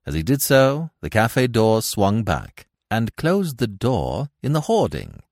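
A man giving scripted narration of a classic tale in a measured, expressive way. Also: fairly low pitch, no echo, studio quality. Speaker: audiobook narrator.

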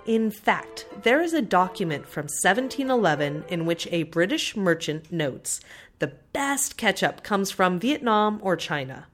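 A woman's voice: fairly low pitch, big pitch swings, unhurried, a bit bright. A woman co-hosting a food history podcast, reading her scripted parts in a matter-of-fact way. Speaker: podcast co-host. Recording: faint music underneath.

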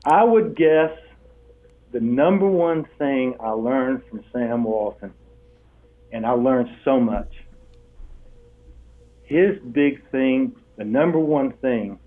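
An older man with a drawl tells stories as an interview guest, bringing the people he quotes to life with laughter in his voice. His pitch sits mid-range for a man. The sound is tinny and thin, as if over a phone line. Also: takes it slowly, pauses often. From Texas. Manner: animated storyteller, acts out quoted voices with laughs. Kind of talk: storytelling interview.

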